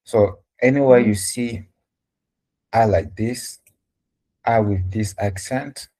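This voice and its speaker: A man's voice: lowish voice, takes it slowly, mellow. A man whose first language is French, patiently teaching French letters and sounds in English during a live lesson.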